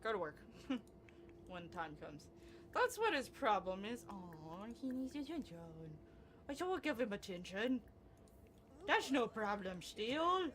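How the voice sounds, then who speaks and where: A woman's voice: medium pitch, slow pace. A young woman giving casual, giggly commentary over a life-simulation game she is playing. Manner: giggly, excitable, chatty with frequent laughs. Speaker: gameplay commentator.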